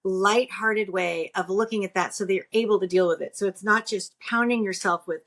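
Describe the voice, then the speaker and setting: A woman's voice: mid-range voice, normal speed, a bit bright. A woman co-hosting a podcast, giving earnest, encouraging advice in casual conversation. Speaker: podcast co-host.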